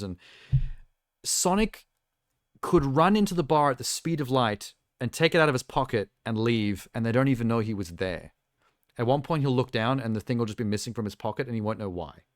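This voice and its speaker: Smooth-voiced man ranting on stream. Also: mid-range voice, no echo, studio quality. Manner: ranting, exasperated critique. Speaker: live streamer. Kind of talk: casual reaction chat.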